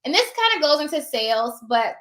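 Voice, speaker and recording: Chatty high-voiced woman, roomy echo. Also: fairly quick. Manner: chatty, acts out dialogue in animated voices. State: tired. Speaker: notary. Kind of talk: casual advice talk.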